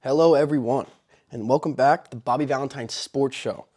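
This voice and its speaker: A young man hosting a sports show, recapping a baseball brawl with excitable commentary and loud exclamations. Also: medium pitch, a little fast. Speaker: host.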